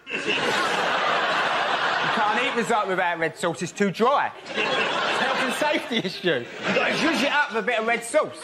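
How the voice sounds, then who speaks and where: A man's voice: high-pitched, very animated, moderate pace, long pauses, over a noisy crowd, very noisy. A man telling a stand-up routine on a TV panel show, acting out the voices in his story. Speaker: comedian panelist.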